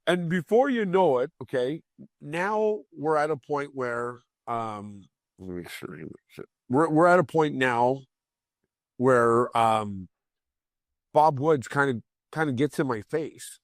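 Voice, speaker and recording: A man's voice: a little high, no echo. 40s guy on a podcast, swearing nonstop, acting out everybody's lines, dry close sound. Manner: profane, animated, acts out quoted lines loudly. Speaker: interview guest, former hockey player. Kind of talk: casual podcast storytelling.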